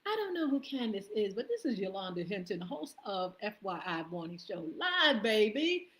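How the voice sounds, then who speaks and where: A woman's voice: medium pitch, very animated, moderate pace, fairly bright tone. A woman hosting a live morning show stream, casually greeting viewers by name with lots of "uh" fillers and an upbeat, friendly manner.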